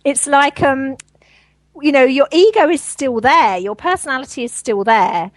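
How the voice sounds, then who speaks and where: Heard over a radio show line, this woman guest on a spiritual talk show rambles earnestly, filling her speech with fillers and frequent laughter. Her voice is high-pitched and expressive at a moderate pace. There's no room sound, and the recording is rough.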